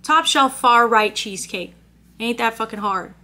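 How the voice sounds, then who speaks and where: A woman's voice: a little high, normal speed, bright, forceful tone. A woman vlogger telling a story as a rant, brash, profane and exasperated. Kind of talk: ranting storytime.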